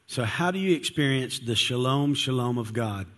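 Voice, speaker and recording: A man preaching a sermon in a mid-pitched, everyday voice. He talks earnestly and conversationally, asks his listeners questions, and often restarts his sentences. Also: expressive, normal speed, a bit bright. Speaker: pastor.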